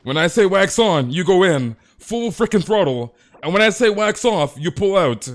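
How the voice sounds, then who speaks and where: A man voicing a bossy male mentor who barks coaching orders, loud and drawn out. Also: high-pitched, expressive, moderate pace, pitched above the performer's own voice.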